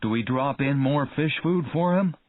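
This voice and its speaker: A man's voice: mid-range voice, normal speed, dry recording, pitched above the performer's own voice, lightly acted. Man doing a worried, questioning police chief. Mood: uneasy. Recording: tinny phone-like dry sound.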